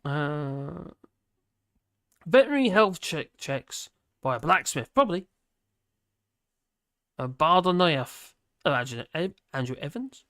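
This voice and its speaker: A man's voice: on the high side, very animated, slow pace, long pauses, fairly bright tone. A man hosting a live stream, reading news and viewer comments aloud in a wry, chatty way and laughing often. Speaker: livestream host reading news and chat. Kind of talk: casual live-stream chat.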